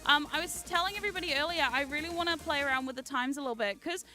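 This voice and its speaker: A woman streamer chatting casually on a live stream, excitable and giggly, swearing freely. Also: high voice, racing, faint music behind. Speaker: VTuber streamer.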